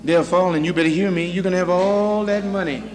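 A man with a high voice preaches to his congregation, hammering his points home through repetition. The sermon echoes with a long reverb through a large church hall. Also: fairly even intonation, a little fast, a crowd in the background. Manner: emphatic, repetitive, addresses the congregation directly.

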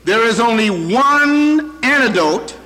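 High-voiced man preaching in a hall. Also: lively intonation, slow pace, sharp tone. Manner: emphatic, repetitive, addresses the congregation directly. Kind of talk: sermon. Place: church hall with congregation.

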